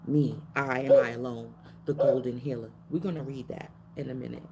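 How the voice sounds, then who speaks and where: Low-voiced woman reading spiritual cards. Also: brisk, very noisy. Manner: slangy, repeats phrases, animated pitch jumps. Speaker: spiritual card reader. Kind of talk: casual card-reading livestream.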